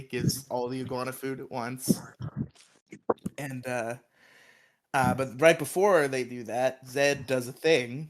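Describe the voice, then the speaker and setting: A man co-hosting a podcast, recapping a TV episode in a rambling, giggly way with lots of fillers. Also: medium pitch. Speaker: podcast co-host.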